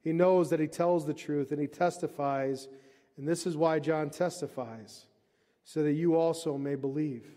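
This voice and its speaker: A man preaching a sermon as pastor at a church service, moving from emphatic reading to hushed, intense explanation. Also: fairly high pitch, steady tone, moderate pace, big-room sound.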